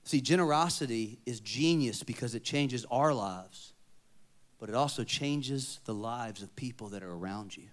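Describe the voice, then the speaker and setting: A man preaching a sermon, moving between loud emphatic points and quiet storytelling. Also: medium pitch, moderate pace. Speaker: pastor.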